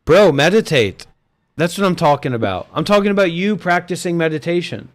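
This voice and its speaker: Male voice chat host, slightly high, crude and abrasive. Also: lively intonation, brisk. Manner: crude, swearing, insulting. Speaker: host of an online voice chat stage. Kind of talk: casual chat. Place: online voice chat.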